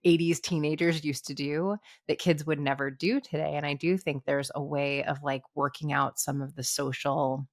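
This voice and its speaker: A woman's voice: deep voice, level tone, normal speed, few pauses. A woman in her forties co-hosting a podcast in casual chat, talking freely and laughing often. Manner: chatty, laughs often, acts out other people's voices. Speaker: podcast co-host.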